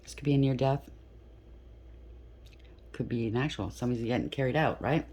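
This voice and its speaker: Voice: medium pitch, a little fast, darkish tone. Blunt, emphatic tarot reader. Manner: emphatic, blunt, keeps checking in with "okay?"; loose and spontaneous, with frequent restarts. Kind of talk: tarot reading to camera.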